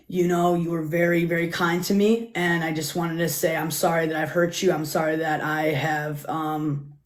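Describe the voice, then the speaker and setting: A woman making a calm, earnest public apology, halting and repeating herself. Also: sits low, reverberant. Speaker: livestream guest.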